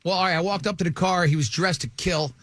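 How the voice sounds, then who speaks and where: A man hosting a radio show, telling a story in a casual, animated way and acting out the dialogue. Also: high voice, fast, no echo. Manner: animated, acts out dialogue, many restarts.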